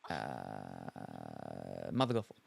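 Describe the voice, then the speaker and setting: Low-voiced woman chatting while gaming. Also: wildly swooping pitch, very slow, vocal fry, breathy edge. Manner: wry, rambling, chatty. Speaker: game streamer. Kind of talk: casual gameplay chat.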